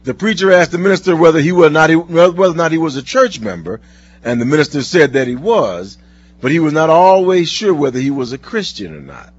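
Earnest, husky-voiced male preacher. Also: on the high side, expressive, dry recording. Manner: earnest, slowing down for scripture. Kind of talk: sermon with told stories and scripture reading. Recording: dull lo-fi recording.

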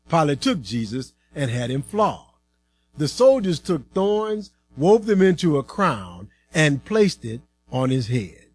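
A man giving a dramatic Bible reading, expressive in delivery. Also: a little high, slow pace, no room sound. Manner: expressive, acting out the voices in quotes. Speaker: scripture reader.

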